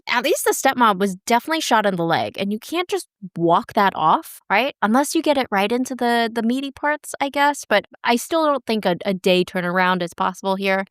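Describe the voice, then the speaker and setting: A woman's voice: mid-range voice, clean tone, dry recording, studio quality. A woman co-hosting a podcast, recapping a drama in casual chat with a wry, chatty manner. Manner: chatty, wry, laughs often. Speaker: podcast co-host.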